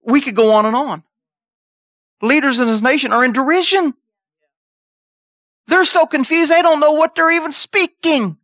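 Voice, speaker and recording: Man preaching, animated and lively, bright forceful voice, dry sound. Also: moderate pace, long pauses, no room sound. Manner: animated, jumps into high voices, scripture in King James wording. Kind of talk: sermon.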